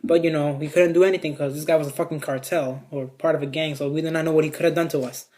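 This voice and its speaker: A man's voice: a little high, fairly even intonation, quick pace, a little mellow. A young man from Mexico telling a casual storytime tale, rambling with constant fillers and heavy swearing. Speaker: vlogger.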